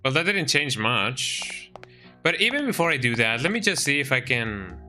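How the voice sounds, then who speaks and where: A man's voice: mid-range voice, sing-song, moderate pace, bright, forceful tone. A young man streaming a game, casually musing aloud and second-guessing himself. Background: faint game music.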